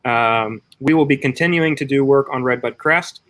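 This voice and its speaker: A man giving a casual trail club meeting update over a video call, talking in a halting way with many fillers. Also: mid-range voice, fairly bright tone. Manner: halting, filler-heavy delivery. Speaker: trail club staff host.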